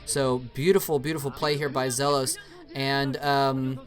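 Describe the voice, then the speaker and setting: A man casting an old strategy-game match by himself. He talks chattily with jokey asides, stammers and repeats words, and jumps to high-pitched cheering at big plays. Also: level tone, measured pace, smooth. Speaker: esports commentator. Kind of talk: solo play-by-play commentary over an old match.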